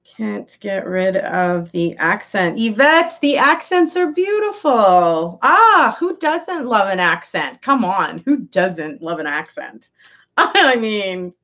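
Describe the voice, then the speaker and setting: A woman's voice: medium pitch, very animated, takes it slowly, fairly bright tone. A woman hosting a casual live stream, chatting with viewers, reading their comments aloud and laughing often. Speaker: livestream host chatting with viewers.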